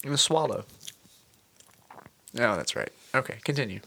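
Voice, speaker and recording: A man co-hosting a podcast in casual chat, throwing in quick jokes and goofy rhymes. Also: mid-range voice, sing-song, vocal fry, bright, forceful tone. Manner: jokey interjections and goofy rhymes. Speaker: podcast co-host.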